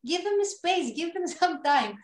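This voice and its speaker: A woman hosting an interview, agreeing warmly with her guest and asking questions in slightly non-native phrasing. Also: very high-pitched, lively intonation, moderate pace, roomy sound, poor audio. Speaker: interview host. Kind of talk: conversational interview.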